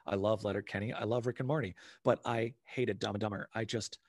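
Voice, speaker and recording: A man talking in a rambling, animated casual chat and swearing now and then. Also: lowish voice, fairly quick, dry recording, clean studio sound.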